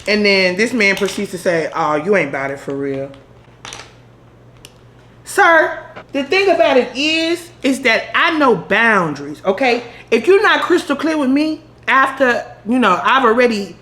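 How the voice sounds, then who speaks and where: A woman vlogger telling a story in while doing her makeup, laughing and acting out the quotes in high voices. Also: fairly bright tone. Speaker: beauty vlogger.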